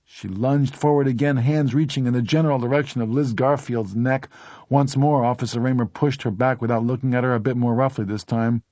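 Speaking a little fast in a mid-range voice, a man reads an audiobook with steady, even narration. There is no room sound.

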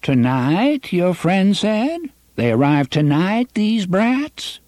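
Quavery old gunslinger. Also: male voice, high voice, sing-song, takes it slowly, a little mellow, no room sound, voice pushed up, full character voice. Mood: cautious, scheming. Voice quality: quavering, drawling. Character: old-sounding male gunslinger, wary and sly.

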